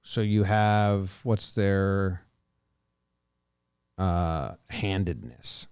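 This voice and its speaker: A man's voice: sits low, extremely slow, a little mellow, smooth, dry recording. Rambling man on a dry mic. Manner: rambling, loose, swears casually. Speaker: podcast co-host. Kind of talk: casual sports podcast chat.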